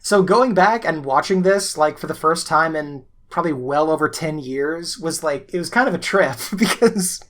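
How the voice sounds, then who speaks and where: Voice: medium pitch, expressive, moderate pace, few pauses, a bit bright. A podcast co-host in casual conversation, chatty with many fillers and laughs.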